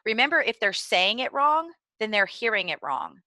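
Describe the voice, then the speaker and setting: A woman giving clear, deliberately enunciated instructional narration for preschool teachers. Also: on the high side, very animated, pushed and bright, no room sound. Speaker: early literacy trainer.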